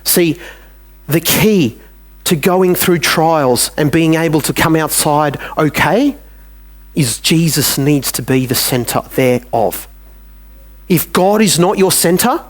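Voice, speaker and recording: A man's voice: a little high, animated, a little slow. A man with an Australian accent preaching a sermon in a church, talking plainly and acting out little dialogues with God.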